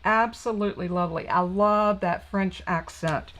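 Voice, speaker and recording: A woman's voice: mid-range voice, moderate pace, fairly bright tone, rough recording. Southern woman demoing card-making live, gushy, chatty, full of ums. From Southern United States. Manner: chatty, gushing, thinks aloud with fillers. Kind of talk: live crafting stream.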